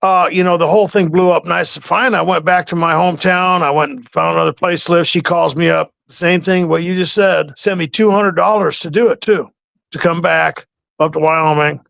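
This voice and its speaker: Gravelly, higher-voiced male host. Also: steady tone, moderate pace, a bit bright, dry recording. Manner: rambling storytelling with many restarts. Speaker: interview host. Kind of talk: casual conversational interview.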